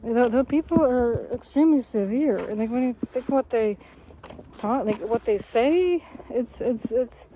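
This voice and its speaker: A woman's voice: a little high, expressive, unhurried, dark tone, a little hiss or hum, low-quality recording. A woman talking alone to the camera in a wandering monologue, jumping between topics, correcting herself mid-sentence, with many fillers and small laughs. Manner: rambling, jumps between topics, self-correcting. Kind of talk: rambling monologue.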